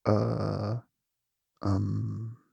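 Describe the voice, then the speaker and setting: Jiajuja: timid female messenger from a male narrator, soft, halting, gravelly, audiobook. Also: on the high side, expressive, no room sound, highs cut off, full character voice. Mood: hesitant. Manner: hesitant, stammering softly.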